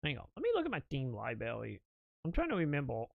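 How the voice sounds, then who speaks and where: A man's voice: mid-range voice, huge pitch swings, quick pace, creaky, dry recording, phone-quality sound. A man in his thirties, a streamer telling a long story to his chat in casual, profane and rambling talk, laughing now and then.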